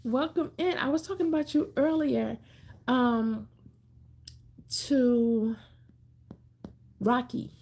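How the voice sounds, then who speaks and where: Husky-voiced chatty woman livestreamer. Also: fairly high pitch, a little mellow. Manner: chatty, playful, drawn-out emphatic repeats. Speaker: livestream host. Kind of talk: casual livestream chat reading viewer comments.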